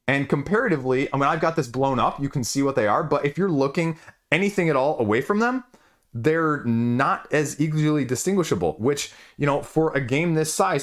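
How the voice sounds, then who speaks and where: A man reviewing a board game in a conversational way, asking rhetorical questions and making asides as he goes. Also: medium pitch. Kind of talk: casual spoken review.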